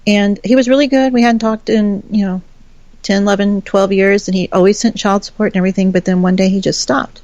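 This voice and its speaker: A woman's voice: mid-range voice, fairly even intonation, fairly quick, darkish tone, no room sound, dull audio. A woman guest telling a personal story in a frank, chatty way, swearing casually. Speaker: podcast guest.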